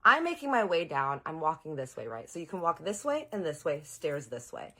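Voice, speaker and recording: A woman with a low voice tells a personal story in a casual, chatty way, speaking straight to her viewers. She is animated and often jumps into exaggerated quoted voices. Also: fairly quick. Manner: animated, chatty, addresses audience directly.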